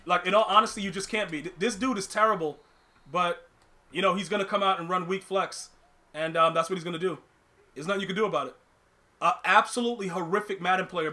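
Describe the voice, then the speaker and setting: A young man doing live gameplay commentary as a streamer, ranting in an animated, slangy way and often restarting his words. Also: high voice. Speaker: gaming streamer.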